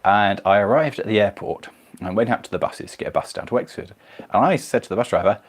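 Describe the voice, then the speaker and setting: A man's voice: lowish voice, fast talker, breathy edge. A man hosting a casual live stream, rambling and self-deprecating as he reads viewer comments.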